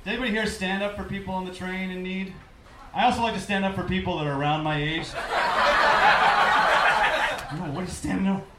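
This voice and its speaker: A man's voice: sits high, steady tone, fairly quick, pauses often. Dry, self-mocking male stand-up comic. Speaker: stand-up comedian. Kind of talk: stand-up set. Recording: echoey club, distant mic, loud noise.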